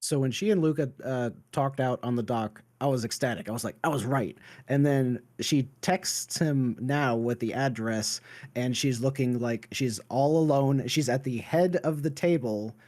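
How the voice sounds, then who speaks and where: Man, podcast panelist, animated retelling, quoted asides, casual. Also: mid-range voice, moderate pace.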